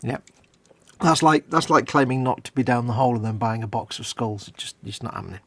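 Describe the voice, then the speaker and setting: A man chats easily on a livestream, reading out viewers' comments and trading stories. His voice is slightly husky and sits at a middle pitch. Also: brisk, fairly bright tone, no room sound. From northern England. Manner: chatty, reads out viewer comments. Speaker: co-host of a livestream. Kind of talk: casual chat.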